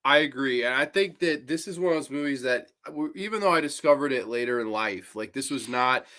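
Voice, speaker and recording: A man's voice: mid-range voice, lively intonation, brisk, pushed and bright. A man hosting a podcast in casual chat, earnest and emphatic, with frequent restarts. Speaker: podcast host.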